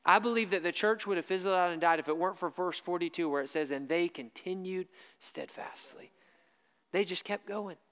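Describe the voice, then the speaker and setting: A man preaching a sermon, emphatic, repeating key lines slowly for stress. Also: high voice, fairly bright tone, clear, resonant tone, in a large hall.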